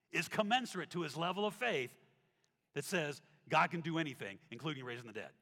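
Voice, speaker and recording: Lively, bright-voiced pastor preaching. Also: male voice, on the high side, a little fast, creaky. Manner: animated storytelling, acts out quotes, drops to soft tones for scripture. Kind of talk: sermon. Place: church sanctuary. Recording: reverberant hall with soft instrumental music.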